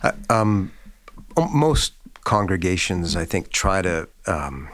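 A man with a fairly low voice speaks in an easy podcast conversation. He is thoughtful and unhurried, circling back to restart phrases as he recalls talks with students and parishioners. His tone stays measured throughout. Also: sing-song, fairly bright tone. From Canada. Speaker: Anglican rector, guest.

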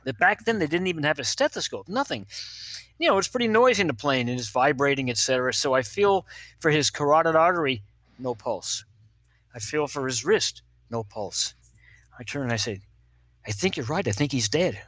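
An older man, a pediatrician, telling funny stories in an animated way and acting out the people in them. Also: a little high, brisk, no echo. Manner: animated, acts out other people's voices, laughs at his own stories. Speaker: guest, pediatrician. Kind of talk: anecdotal storytelling.

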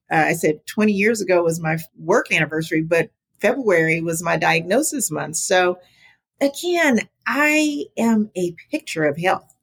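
A middle-aged woman, a podcast guest, telling a personal story in casual chat, animated, her voice jumping high when she quotes her own reactions. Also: vocal fry, husky. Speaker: podcast guest, small business advocate.

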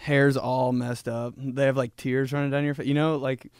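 A man's voice: mid-range voice, moderate pace, clean tone, no echo, studio quality, faint music behind. A man hosting a comedy podcast, telling jokey, rambling stories in casual chat. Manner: rambling, jokey, animated storytelling. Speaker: podcast host.

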